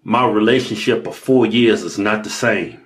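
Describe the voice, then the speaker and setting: A man with a Southern American accent co-hosting a comedic show, teasing and profane with loud outbursts. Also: on the low side, moderate pace. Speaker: co-host. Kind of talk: comedic banter.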